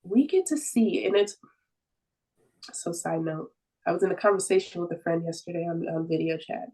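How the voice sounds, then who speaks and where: Earnest low-voiced woman, podcast guest. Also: moderate pace, dark tone, rough recording. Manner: reflective and earnest, with frequent "like" fillers and easy laughter. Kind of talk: casual conversational podcast talk.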